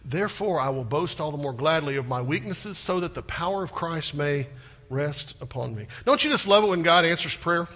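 A pastor preaching a sermon with animated delivery, acting out prayers in a rising voice. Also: male voice, fairly high pitch, normal speed, in a large hall.

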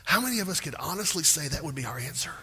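A man preaches in a church sanctuary, his voice bright and a little raised in pitch. He acts out prayers with growing fervour, and the sound carries a long reverb from the large hall. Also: racing, slightly rough. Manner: animated preaching, acting out prayers in rising voice. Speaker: pastor. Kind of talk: sermon.

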